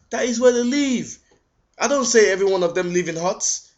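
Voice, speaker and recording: A vlogger records an indignant video response on a webcam, firing off rhetorical questions and tripping over repeated words. His voice is fairly high and a little fast, and the webcam audio is dull and lo-fi.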